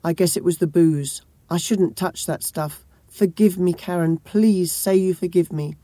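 A woman voicing a volatile young husband who flies into yelling rages and then pleads through tears. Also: lowish voice, unhurried, dry recording. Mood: tearful pleading.

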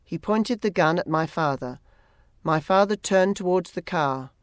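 An audiobook narrator reading a first-person story in a measured, plain manner. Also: medium pitch, lively intonation, clean tone, dry recording, studio quality.

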